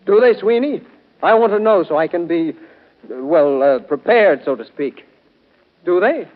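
An actor playing a fussy, stammering schoolteacher. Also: male voice, high voice, animated, moderate pace, narrow, tinny audio. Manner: prim and hesitant, stammers. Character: fussy, timid middle-aged male schoolteacher. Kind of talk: 1940s radio acting.

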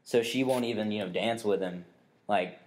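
A man's voice: on the low side, normal speed, darkish tone. Rambling young man telling a story. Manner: rambling, swears often, many fillers and restarts. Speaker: podcast co-host. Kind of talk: casual storytelling chat.

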